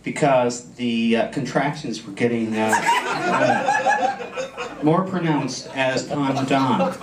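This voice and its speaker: A man giving a humorous contest speech, telling an animated story to an audience that laughs along. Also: medium pitch, a little slow, very noisy. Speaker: contest speaker. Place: convention hall. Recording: echoey hall, mic from far off.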